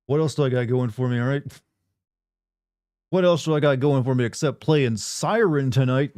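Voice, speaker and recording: A man's voice: medium pitch, moderate pace, a little mellow, no room sound, clean studio sound. A man streaming a game, chatting casually with viewers in a rambling, sardonic way. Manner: rambling, sardonic, many "like" fillers.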